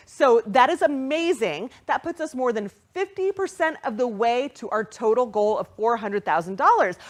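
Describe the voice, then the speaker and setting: Lively upbeat woman hosting a fundraiser. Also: a little high, normal speed, hardly any pauses. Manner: upbeat, animated, bursts of excited squeals at donations. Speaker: virtual gala host. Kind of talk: live fundraising emcee patter.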